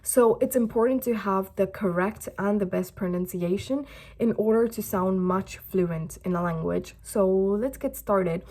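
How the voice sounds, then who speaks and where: A young woman from India teaches pronunciation in a chatty online lesson. She speaks with an American-style accent and a middle-pitched voice, and she keeps dropping easy fillers as she explains. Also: unhurried, darkish tone. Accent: American-style English. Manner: casual and chatty, with frequent fillers. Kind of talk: YouTube lesson.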